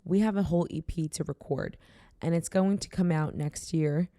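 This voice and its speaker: A woman's voice: deep voice, moderate pace, mellow, dry recording, studio quality. A young woman hosting a podcast, chatting and teasing her co-host in a playful, casual way while having a drink. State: tipsy from drinking.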